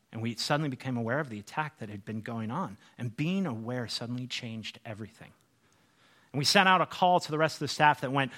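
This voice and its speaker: Bright-voiced man preaching a lively sermon. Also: medium pitch, quick pace. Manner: animated storytelling, acts out quotes. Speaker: pastor.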